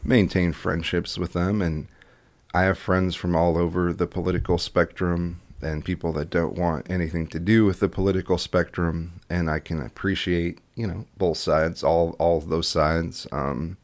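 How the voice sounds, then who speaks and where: A man with a very low voice talks as a guest on a casual podcast. He rambles, circling back with fillers and restarts as he goes. The sound is dry and close, with no room around him. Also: little pitch movement, moderate pace, dry recording. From Iowa. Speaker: podcast guest, political candidate. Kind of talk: casual interview chat.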